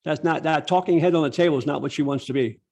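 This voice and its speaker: A man's voice: a little high, a little mellow. Man teaching public speaking over a video call. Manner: demonstrative, slows down to stress key words. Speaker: public speaking workshop presenter. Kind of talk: instructive online workshop talk.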